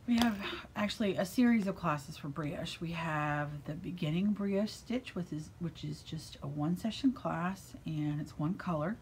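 A middle-aged American woman who owns a yarn shop, chatting casually and enthusiastically about knitting in her shop, gushing with breathy asides. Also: on the low side, a little mellow, slight background noise. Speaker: yarn shop owner and vlogger.

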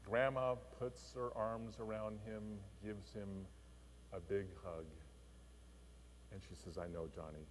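A man's voice: lowish voice, slow pace, long pauses, a little hiss or hum. Man preaching in a reverberant church. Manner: storytelling, expressive. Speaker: pastor. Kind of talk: sermon.

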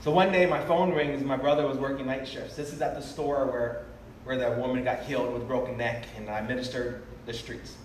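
A man's voice: mid-range voice, fairly even intonation, brisk. A man preaching an emotional revival sermon, earnest and pleading, drawing out his phrases tenderly. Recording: roomy, distant live sermon audio with faint noise.

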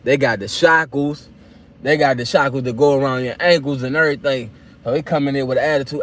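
A young man casually telling a story straight to his viewers, animated and full of slang, acting out his own replies as he goes. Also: medium pitch, fast. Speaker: vlogger telling a personal story.

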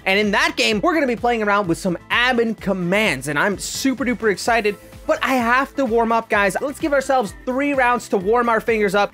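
A woman giving excitable gameplay commentary as a gaming YouTuber, often bursting into shrieks and yells. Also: mid-range voice.

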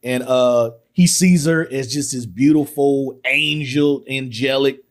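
A man hosting a podcast, excitedly retelling a film's scenes in casual talk, acting out the lines. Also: mid-range voice, slow. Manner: excited retelling with acted quotes, laughs often. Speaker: podcast host. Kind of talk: casual film discussion.

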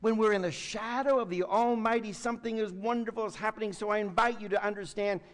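A man preaching a sermon as pastor, building to loud emphatic lines and then dropping to soft, quiet tones. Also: high voice, fairly even intonation, fast. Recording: long hall reverb with faint hum.

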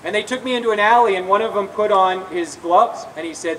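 A man with a high, bright, forceful voice gives a confessional testimony to an open-air crowd, circling back over his words. He is picked up from a distance, with faint outdoor ambience underneath. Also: fairly quick, slight background noise. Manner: earnest and confessional, with frequent restarts. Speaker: speaker at a recovery rally. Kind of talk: personal testimony speech. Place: outdoor rally in a public square.

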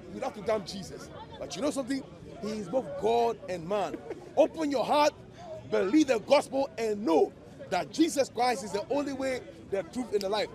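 High-voiced preacher amid a crowd. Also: male voice. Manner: preachy, insistent, interrupts. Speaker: Christian preacher. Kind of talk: heated street debate. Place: outdoor public park. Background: crowd of listeners.

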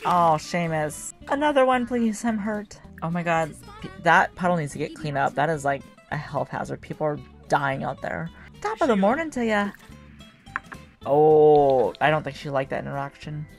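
A woman hosting a life-sim game video, chatting casually as she plays, excitable and teasing, often laughing and cheering. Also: low voice, moderate pace, few pauses, soft background music. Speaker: gaming channel host.

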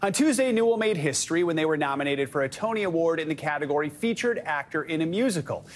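A man presenting a news segment and interviewing a guest, with a lively, animated delivery. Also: on the high side, fast.

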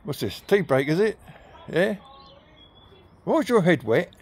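A man's voice: high voice, sing-song, measured pace, darkish tone, slightly rough. A man filming his dogs in a garden, teasing and cheering them on with a chatty, laughing manner. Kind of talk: casual talk to pets while filming. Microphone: handheld camera.

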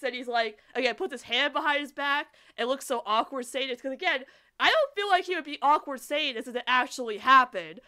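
A woman hosting a podcast, chatting casually about a cartoon in an animated, rambling way. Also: high voice. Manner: animated, rambling, quick to laugh. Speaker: podcast host.

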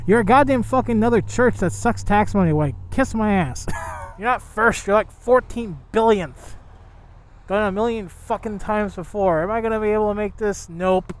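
A high-pitched man riding a motorcycle down the highway, swearing freely and ranting to his viewers in excitable commentary. His voice comes through a helmet mic over loud rushing wind and traffic noise. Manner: profane, excitable, talks to the viewers. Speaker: motovlogger.

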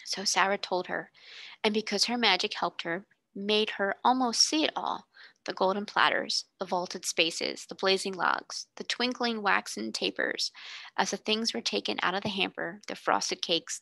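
A woman tutor reading a classic children's novel aloud with steady, expressive narration. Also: mid-range voice, normal speed, creaky, no echo. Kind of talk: storybook reading.

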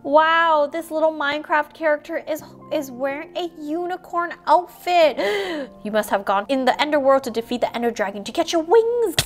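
A woman with a high, lively voice chats through a toy unboxing. She is bubbly and playful and talks to herself as she goes. Faint music plays underneath. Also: normal speed, few pauses. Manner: bubbly, playful, gasps and giggles. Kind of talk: casual unboxing narration.

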